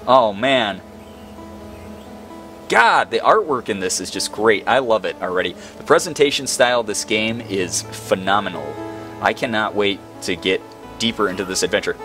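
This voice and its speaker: A young man commentating a video game, excitable and quick to exclaim. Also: on the low side, faint music behind. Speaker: gaming video host. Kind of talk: let's play commentary.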